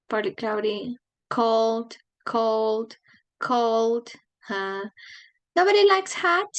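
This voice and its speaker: A woman's voice: on the high side, fairly bright tone. A woman teaching an online English class, friendly, asking her students the same questions again and again.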